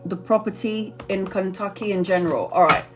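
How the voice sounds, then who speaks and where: A woman's voice: mid-range voice, fairly quick, over music. A woman giving tarot readings on a live stream, talking earnestly and apologizing often, repeating herself as she reassures viewers. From Brazil. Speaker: tarot reader.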